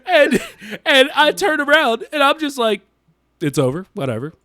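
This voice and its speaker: A man's voice: very high-pitched, no echo, clean studio sound. A man on a podcast telling stories in a casual chat, laughing often and drawing out his punchlines. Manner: animated, laughs often mid-story. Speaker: podcast co-host.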